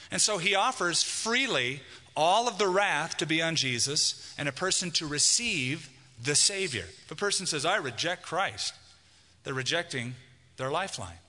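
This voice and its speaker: A man's voice: fairly high pitch, pushed and bright, in a large hall. A man preaching a sermon as pastor, emphatic and reading a passage aloud.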